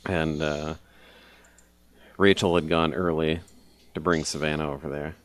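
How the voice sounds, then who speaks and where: A man's voice: extremely low pitch, fairly even intonation, a little slow. A middle-aged man co-hosting a podcast, chatting casually and rambling through stories, laughing often. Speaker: podcast co-host. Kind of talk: casual chat.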